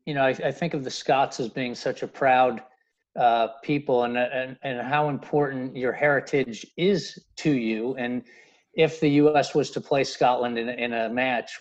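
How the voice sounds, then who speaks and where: A man's voice: mid-range voice, dull audio. A man co-hosting a podcast, asking his guest questions in a curious, hesitant way. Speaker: podcast co-host. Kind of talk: casual interview chat.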